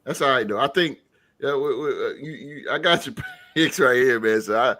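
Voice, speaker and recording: A man hosting a casual sports podcast, animated and slangy, often breaking into laughter. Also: medium pitch, normal speed, no echo. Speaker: podcast host.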